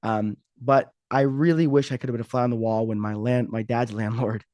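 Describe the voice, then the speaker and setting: A man's voice: mid-range voice, fairly even intonation, brisk, darkish tone, dry recording, studio quality. A man hosting a podcast, talking casually in a joking, rambling, self-mocking way. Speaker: podcast host. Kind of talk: casual podcast intro monologue.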